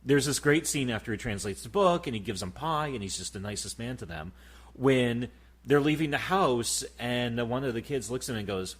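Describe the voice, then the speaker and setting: Profane, husky man telling stories. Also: medium pitch, normal speed. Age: 30s. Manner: profane, animated storytelling. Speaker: podcast co-host. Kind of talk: casual chat.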